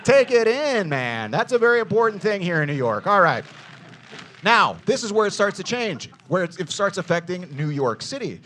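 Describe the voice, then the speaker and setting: A man giving a jokey, energetic history talk to a group as a tour guide, teasing the listeners and calling them "you guys" and "baby.". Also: high voice, moderate pace, slight background noise.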